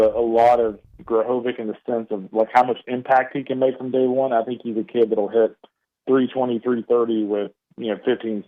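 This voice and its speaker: Phoning into a studio over a thin, tinny line, a mid-range-voiced man with an East Texas drawl works as a baseball analyst. He talks through his picks in loose, rambling radio interview commentary packed with fillers and restarts.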